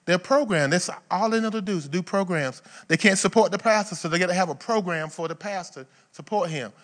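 Male preacher, slightly high voice, folksy and conversational, lots of rhetorical questions. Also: a little fast. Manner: folksy, colloquial phrasing; swings between quiet asides and loud emphatic bursts. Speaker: pastor. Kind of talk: sermon.

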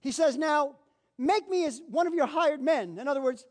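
An animated man preaching a sermon in a fairly high voice. He acts out the people in the story he is telling and repeats phrases for emphasis. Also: normal speed.

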